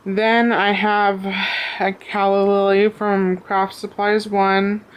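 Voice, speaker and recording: Slow, breathless woman showing her craft. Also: medium pitch, level tone, smooth. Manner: halting, many ums and pauses. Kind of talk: casual show-and-tell. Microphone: camera on a tripod.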